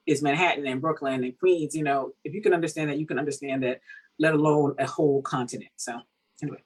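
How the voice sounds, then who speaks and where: A woman from Cameroon, an author being interviewed, talking in a casual, animated way with many fillers and laughs. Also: low-pitched, slightly rough, poor audio. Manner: animated, laughing, full of fillers like "you know". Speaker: author guest.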